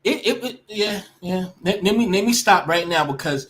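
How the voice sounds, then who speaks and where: A woman's voice: fairly low pitch, expressive, normal speed, a bit bright. A woman ranting casually to her viewers, blunt and profane, often restarting her sentences. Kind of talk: casual rant to camera.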